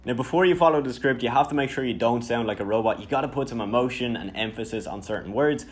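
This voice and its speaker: A man in his twenties, from Ireland, giving a casual, energetic marketing lesson and often asking "right?". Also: medium pitch, fast, soft background music. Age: 20s. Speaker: marketing coach. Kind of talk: casual instructional talk.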